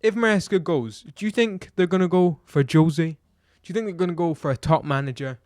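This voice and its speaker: In a dry, studio-quality recording, a man with a fairly high, darkish voice speaks briskly. He delivers a blunt, exasperated football match review for an opinionated vlog, ranting and throwing out rhetorical questions.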